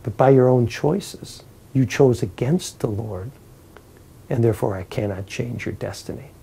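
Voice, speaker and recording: A priest voicing a stern, solemn saint judging at heaven's gate. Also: male voice, mid-range voice, a little slow, gravelly, mellow, husky, pitched below the performer's own voice, exaggerated voice. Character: stern gatekeeper saint, elderly man.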